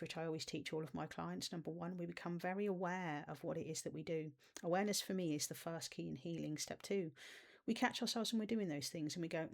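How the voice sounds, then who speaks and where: A self-help coach talks straight to the viewer about healing the inner child, in a voice pitched neither high nor low. The delivery is soft and nurturing, warmly encouraging, with casual, chatty asides. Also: creaky. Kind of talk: self-help video talk to camera.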